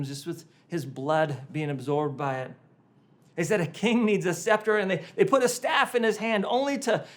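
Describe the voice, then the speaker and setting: A male pastor preaching a sermon, retelling a story dramatically, rising to loud emphasis and then dropping to hushed tones, sometimes repeating words as he presses a point. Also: high voice.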